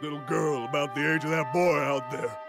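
A man's voice: a little high, steady tone, fairly quick, creaky. A man voicing a boastful middle-aged martial arts champion who talks in a brash, blustering way, over music.

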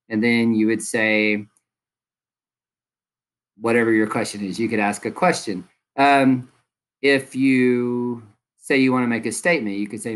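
Young man, teacher, relaxed instructional talk, ums throughout. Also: mid-range voice, normal speed. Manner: casual, friendly, many ums. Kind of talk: recorded classroom instructions.

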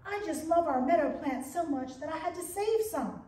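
A woman's voice: high-pitched, expressive, normal speed, mellow, voice pushed up. A woman reading as an eager little mouse. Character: small, eager, humble little male mouse. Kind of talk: storybook read-aloud. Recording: echoey church from a distance.

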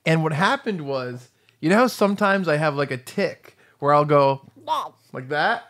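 A man's voice: a little high, lively intonation, moderate pace, fairly bright tone. A man co-hosting a podcast, telling an anecdote with acted-out quotes and giggles. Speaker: podcast co-host. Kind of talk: casual storytelling.

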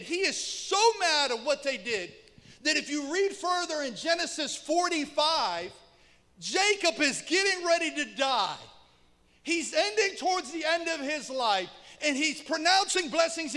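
A male pastor preaching a sermon, shouting for emphasis and then dropping very quiet, recorded in an echoey church hall. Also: very high voice, lively intonation, unhurried. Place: church sanctuary.

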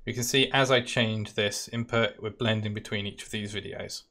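A man's voice: lowish voice, fairly even intonation, normal speed, sharp tone. Casual British man walking through a demo. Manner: casual, talks through steps while clicking. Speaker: product specialist demoing software. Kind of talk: live-stream software tutorial Q&A.

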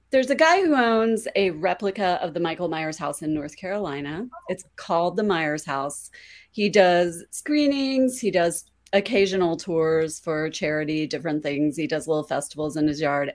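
A woman guest on a podcast telling a story in a casual, excitable way, laughing often and using lots of fillers. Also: low-pitched, moderate pace.

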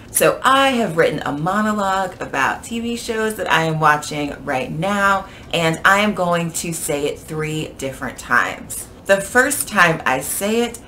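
Low-voiced American woman teaching English. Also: a little hiss or hum. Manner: clear, expressive, lively intonation. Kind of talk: English pronunciation lesson.

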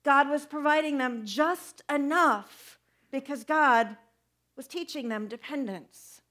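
Speaking slowly in a high voice, this young female pastor delivers a lively, conversational sermon. She keeps turning to her listeners with questions.

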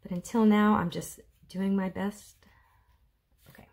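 A woman's voice: mid-range voice, level tone, unhurried, vocal fry, darkish tone. A woman art teacher with a Southern US accent, giving a friendly home video art lesson for children and explaining as she draws. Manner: friendly, chatty, explains while drawing. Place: home room. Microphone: phone camera.

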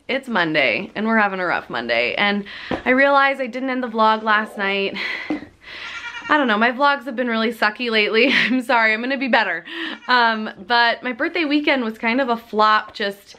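A woman's voice: a little high, normal speed, background noise. A young woman in her late teens vlogging in a chatty, giggly way to her viewers, slightly out of breath. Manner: chatty, giggly, addresses viewers as you guys. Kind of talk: casual chat to camera.

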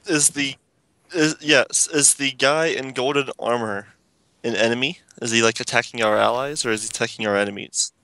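A man's voice: medium pitch, normal speed, sharp tone, slight background noise. A man playing in a tabletop game, asking questions in a joking way. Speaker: player. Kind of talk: casual tabletop play.

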